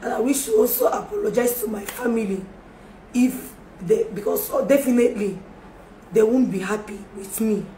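A woman speaks on a phone livestream, her pitch sitting a little high as she pleads and repeats her apologies. The room answers her with a noticeable echo. A faint hum of background noise stays under her voice. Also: big pitch swings, normal speed, mellow. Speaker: livestreamer making a public apology. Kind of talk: emotional live-stream appeal.

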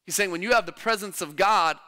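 A man's voice: high voice, brisk, bright, forceful tone. A man preaching a sermon in a church, emphatic and repeating his phrases for stress. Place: church hall. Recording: long church-hall reverb.

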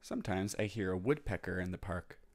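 A man with a fairly low voice reads a children's picture book aloud as a music teacher would. He voices the sounds in the story with his mouth between plain lines. The recording is dry and close. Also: lively intonation, brisk, no room sound. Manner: plain storybook reading that acts out sound effects. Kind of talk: children's read-aloud and activity.

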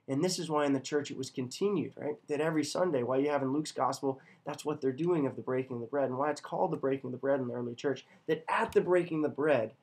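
A man giving a scripture lesson, emphatic and conversational, and he keeps tagging his points with a questioning "right?". His voice sits at an ordinary middle pitch and has a husky, slightly rough grain. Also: darkish tone. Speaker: teacher. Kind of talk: catechism lecture.

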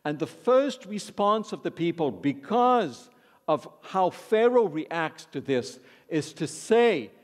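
A man preaching in a large hall, his slightly high voice trailing off into a long reverb. He reads scripture aloud, then explains it phrase by phrase in an expository sermon. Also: very animated, slow. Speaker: Bible teacher preaching.

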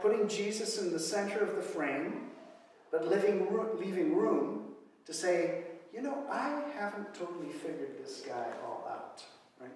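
Conversational pastor in an echoey hall. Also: male voice, sits high, recorded from a distance, a little hiss or hum. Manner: conversational, animated, with asides and fillers. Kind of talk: sermon. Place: church hall.

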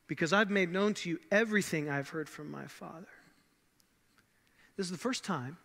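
Guy preaching in a big church hall, high bright voice, slows way down and gets quiet on the big words. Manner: dramatic pauses, drops to soft lows on key words; conversational asides. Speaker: pastor. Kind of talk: sermon.

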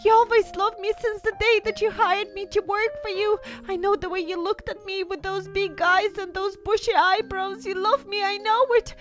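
A woman's voice: very high voice, fairly even intonation, normal speed, hardly any pauses, fairly bright tone, faint music behind. A woman voicing an unhinged, possessive young woman who stalks the man she loves, sliding from creeping menace into pleading, in a Minecraft role-play. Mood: distraught.

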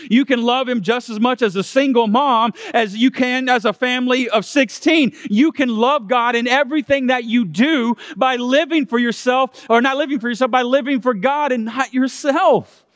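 A man with a high voice gives a sermon as a guest pastor. He speaks in an earnest, heartfelt and conversational way. His voice rings out with a long reverb, like a large church. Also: studio quality. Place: church stage.

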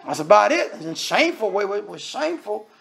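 A man's voice: high-pitched, very animated, normal speed, vocal fry, fairly bright tone. A man preaching a sermon in a conversational way, often acting out the voices of the people he quotes.

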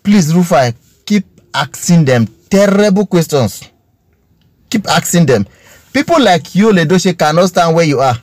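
This social commentator speaks with a Nigerian English accent, his voice on the high side, animated, and a little mellow at a measured pace. Talking to his viewers about current affairs, he preaches earnestly, drawing out key phrases and going over his points again. The recording is dry.

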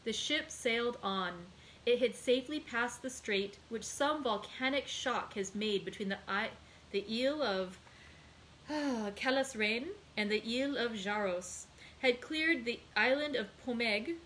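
A woman reading a classic novel aloud at a measured pace. Her voice sits at a middle pitch, with a faint hiss in the background. She sometimes trips over names and corrects herself. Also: a bit bright, rough recording. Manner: measured, with small slips and self-corrections on names. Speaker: librarian hosting a read-aloud.

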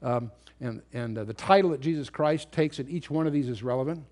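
A man's voice: medium pitch, fairly quick, darkish tone. A man giving an unscripted Bible commentary lecture, reading old King James verses aloud and explaining them emphatically, with restarts and fillers. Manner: reads scripture aloud in King James wording. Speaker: Bible teacher. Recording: remastered lecture recording.

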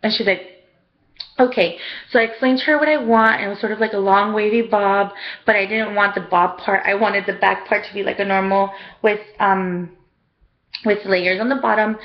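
A woman's voice: medium pitch, steady tone, brisk. Young woman, rambling storytime vlog, chatty, lots of fillers, slightly dull audio. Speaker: vlogger.

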